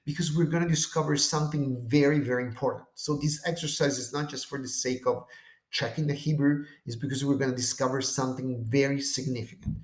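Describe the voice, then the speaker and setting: A man's voice: medium pitch, fairly even intonation, a little fast, roomy sound. A man teaching a language lesson. He explains step by step and keeps checking in with "okay?" and "right?". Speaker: teacher of biblical Greek. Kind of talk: lesson on screen text.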